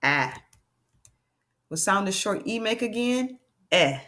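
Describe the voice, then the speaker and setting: A woman teaching a children's phonics lesson, slowly sounding out letters and cheering her young learners on. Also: medium pitch, animated, fairly bright tone.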